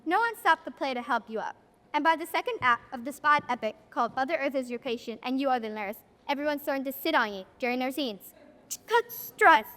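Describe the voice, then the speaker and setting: A woman's voice: high-pitched, expressive, brisk, bright, forceful tone. A young woman narrating a school stage play, telling the story wryly to the audience as "you". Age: young adult. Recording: echoey auditorium, from a distance.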